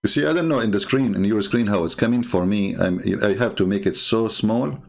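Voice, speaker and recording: A man talks into a desk mic on a livestream, his voice rough and gravelly. He argues with himself, throws out rhetorical questions and stumbles through fillers as he searches for words. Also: on the low side, a little fast, darkish tone. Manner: argumentative, repeats rhetorical questions, frequent filler. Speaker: online show host. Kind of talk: livestream commentary on religious texts.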